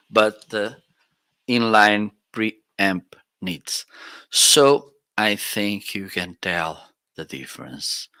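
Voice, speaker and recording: A man with a lowish, bright and forceful voice runs a casual live product stream. He speaks slowly and chats as he swaps between studio microphones. The sound is dry and close, with no room echo. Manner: chatty, tests gear aloud with counting and laughs. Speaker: product reviewer hosting a live shopping stream. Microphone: swapping between studio microphones.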